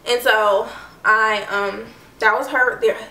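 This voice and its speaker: With a slightly high, steady, pushed and bright voice, a young woman vlogger takes her time telling a personal story to camera. She's casual and chatty, often saying "like" and "I don't know." She sits far from the mic in an echoey room, her voice a bit off-mic.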